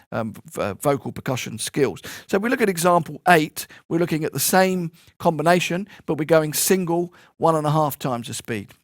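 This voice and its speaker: A man with a British accent teaching vocal percussion, explaining with relaxed fillers and then chanting rhythm syllables in time. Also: fairly high pitch, no echo, clean studio sound.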